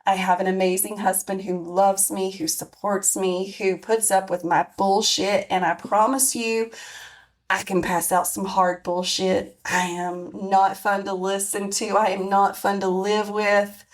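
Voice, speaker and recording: In a mid-range voice, flat and measured, a woman in her forties hosts a podcast. She delivers a candid, reflective personal monologue full of fillers and restarts.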